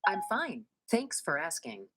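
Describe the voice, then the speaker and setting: A woman voicing a polite female phone voice assistant, breathy and calm, played from a phone speaker a little way off. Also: fairly low pitch, measured pace, slight background noise, full character voice. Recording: faint phone speaker from far off.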